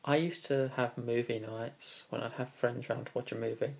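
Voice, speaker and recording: A man's voice: mid-range voice, fairly even intonation, moderate pace, gravelly, a little hiss or hum. A young man from southeast England with a southeast English accent, answering a list of questions in a dry, sarcastic and rambling way. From Kingston upon Thames, England. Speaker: vlogger. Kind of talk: casual answers to a question tag.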